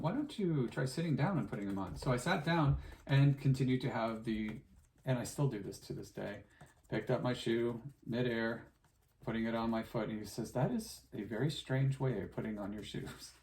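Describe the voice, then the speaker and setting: A man's voice: on the low side, gravelly, warm tone, a little hiss or hum. A middle-aged man chatting casually while crafting, rambling through memories and laughing often. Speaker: artist and teacher.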